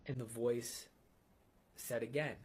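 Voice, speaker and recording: A man telling a personal testimony in an intense, earnest way, sometimes dropping to a hushed whisper. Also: mid-range voice, fairly even intonation, slow pace, breathy edge.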